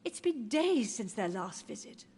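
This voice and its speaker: A dazed old mum in a game, sees the dead everywhere, high swoopy voice, faint hiss behind. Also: female voice, very animated, a little slow, a little mellow. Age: older. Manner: wandering, dreamy, slips into whispers. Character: elderly grieving mother, confused, haunted by the dead. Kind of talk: video game voice acting.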